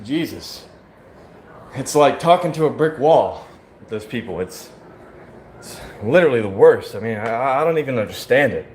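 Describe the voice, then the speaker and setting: A man's voice: mid-range voice, animated, normal speed, pauses often, darkish tone, a little hiss or hum. A tired man hosting a casual livestream, talking bluntly and rambling, with frequent swearing. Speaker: livestream host.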